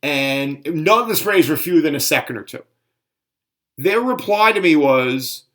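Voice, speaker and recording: A man's voice: fairly high pitch, a bit bright. A middle-aged man ranting sarcastically in a casual home cooking vlog. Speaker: fitness vlogger. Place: home kitchen.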